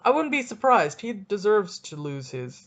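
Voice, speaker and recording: A young man hosting a solo casual podcast, rambling and joking at himself in an animated way. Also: high voice, normal speed. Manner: rambling, jokey, animated, self-deprecating. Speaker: podcast host.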